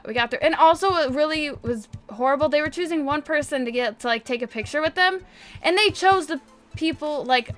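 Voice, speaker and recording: A young woman from northwest Indiana tells a story in a high, bright voice, chatty and excitable, with "like" in nearly every phrase. Faint music plays softly behind her. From northwest Indiana, USA. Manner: chatty, excitable, lots of "like" fillers. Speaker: gaming vlogger. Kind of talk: casual storytelling over gameplay.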